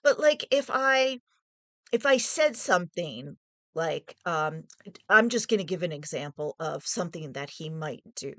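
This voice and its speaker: A woman's voice: medium pitch, lively intonation, normal speed, dry recording. A woman casually telling a personal story in a rambling, digressive way, thinking aloud as she goes.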